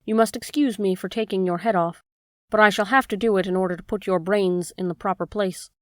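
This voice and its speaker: A woman reads a small humbug wizard, an elderly man who speaks gently and a little sheepishly. The voice sits mid-pitch and close, in a dry room with no echo. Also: fairly even intonation, fairly quick, lightly acted. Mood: mild.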